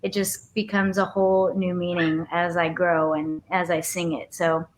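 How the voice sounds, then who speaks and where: A woman in her twenties, a singer, chatting casually on a video call, soft-spoken and rambling with many fillers. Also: lowish voice, little pitch movement, moderate pace, slight background noise. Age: 20s. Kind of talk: casual live-stream chat.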